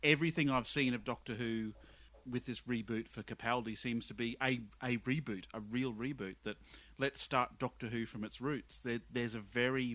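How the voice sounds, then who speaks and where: A man hosting a casual podcast chat, enthusiastic and halting, often repeating words as he talks. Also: medium pitch, fairly bright tone. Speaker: podcast host.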